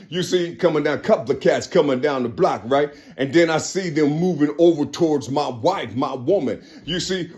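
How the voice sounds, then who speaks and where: A man talking straight to camera in a rambling monologue, constantly adding "you see" and "you know," restarting phrases and breaking into laughs. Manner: laughs between phrases, drops suddenly low and quiet. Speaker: vlogger.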